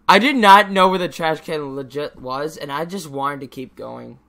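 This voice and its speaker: A man's voice: on the high side, moderate pace, few pauses, bright, forceful tone. A teenage boy vlogging in a casual, rambling way, ranting and swearing freely with lots of fillers. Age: teens.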